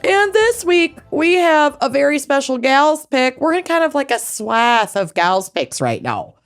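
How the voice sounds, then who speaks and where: A woman's voice: high-pitched, sing-song, a little slow, soft background music. Bubbly woman co-hosting a podcast. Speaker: podcast co-host. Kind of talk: casual chat.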